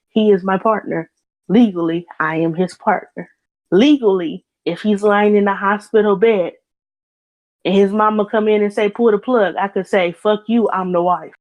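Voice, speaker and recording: Solo podcast host, woman, mid-pitch, opinionated and rambling, curses freely. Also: a little mellow, poor audio. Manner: blunt, opinionated, rambling with restarts and swearing. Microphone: computer mic via voice chat recording bot.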